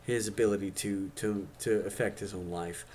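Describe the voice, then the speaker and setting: A man in his thirties hosting a livestream, picking apart a film's psychology in a casual, halting way, restarting his sentences often. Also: lowish voice, steady tone, a little mellow. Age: 30s. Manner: analytical, halting with many restarts. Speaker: stream host.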